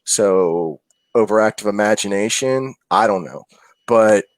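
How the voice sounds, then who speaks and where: A man's voice: fairly low pitch, unhurried, dry recording. A man co-hosting a casual chat, telling a personal story in an earnest, hesitant way. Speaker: podcast co-host. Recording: dry close sound.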